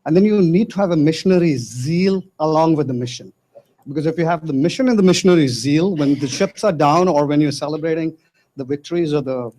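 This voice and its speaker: A man's voice: on the high side, mellow. A man speaking up in a class, earnest and emphatic as he shares his experience. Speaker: guest speaking from the audience. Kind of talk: classroom comment.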